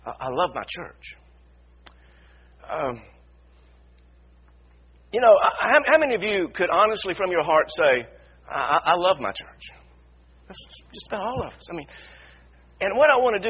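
A man preaching a sermon as pastor, repeating his phrases and building to loud emphasis. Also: high-pitched, slightly rough, muffled recording. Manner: repetitive, builds to shouted emphasis. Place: church sanctuary.

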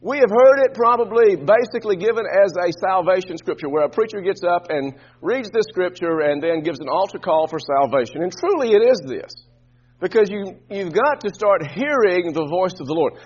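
In this muffled, dull recording of a sermon, a man with a very high, husky voice guides his congregation through scripture in call-and-response. His intonation is lively and his pace moderate, swinging from soft, chatty asides to loud, shouted emphasis.

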